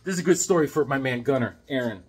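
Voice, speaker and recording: A man in his fifties chatting casually about his comic books, animated and jokey with sudden loud outbursts. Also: mid-range voice, quick pace, slightly rough. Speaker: comic book collector. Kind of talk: casual chat showing comics.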